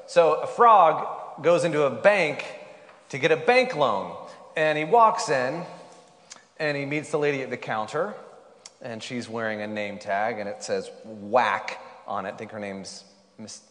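A man's voice: mid-range voice, expressive, unhurried, fairly bright tone. A male pastor preaching a sermon, telling a joke and then posing rhetorical questions. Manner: playful storyteller turning to rhetorical questions. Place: church sanctuary. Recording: hall reverb.

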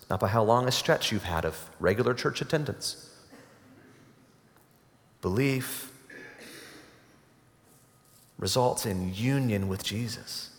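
A man preaching a sermon as a pastor, earnest, rising to emphatic peaks and dropping to soft asides. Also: medium pitch, long reverb tail.

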